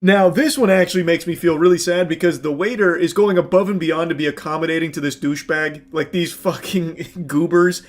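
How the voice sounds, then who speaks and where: High-pitched male commentator, sarcastic and profane, reaction video host. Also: a little fast, few pauses. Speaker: commentary YouTuber.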